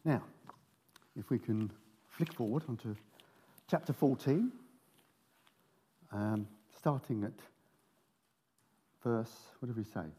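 A man's voice: mid-range voice, slow, pauses often, warm tone, breathy edge. A man preaching, reading scripture aloud with jokey asides between the verses. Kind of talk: sermon with Bible reading.

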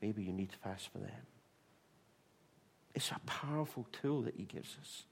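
A man preaching a sermon, telling a Bible story in a lively way with restarts and fillers. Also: fairly low pitch, normal speed, gravelly, breathy edge.

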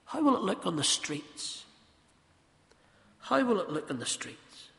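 A man preaching with passion, his raised and bright voice ringing through a reverberant church hall. He swings from ringing emphasis down to hushed, intense asides, pressing rhetorical questions on his listeners. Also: high-pitched, very animated, a little slow, vocal fry. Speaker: pastor. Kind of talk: sermon.

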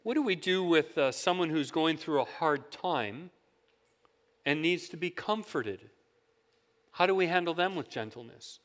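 Preaching at a measured pace, a pastor uses his fairly high, expressive, slightly bright voice to tell stories conversationally and question the congregation. The hall gives the recording a long reverb.

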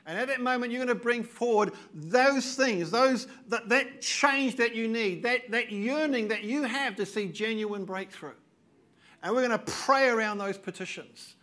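A man's voice: very high voice, moderate pace, bright, forceful tone. An older man preaching a sermon as pastor, earnest and emphatic, repeating key phrases.

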